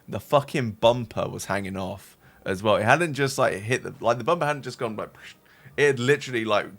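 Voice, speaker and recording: A man casually telling a long story to his stream chat, animated and rambling, swearing freely and tagging sentences with "right?". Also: lowish voice, creaky. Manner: animated, rambling, swears a lot, tag questions. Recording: faint music behind. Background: faint music.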